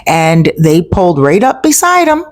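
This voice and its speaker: A woman's voice: on the low side, very animated, moderate pace, no room sound. A woman vlogging in a casual way, explaining local laws and telling stories, often checking in with "right?" and "you know?". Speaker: travel vlogger living abroad.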